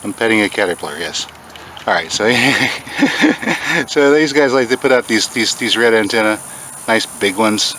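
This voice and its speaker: A man hosting a casual outdoor farm vlog, chatty, often breaking into a high sing-song voice to talk to animals. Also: measured pace, pauses often, pushed and bright, a little hiss or hum. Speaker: farm channel host.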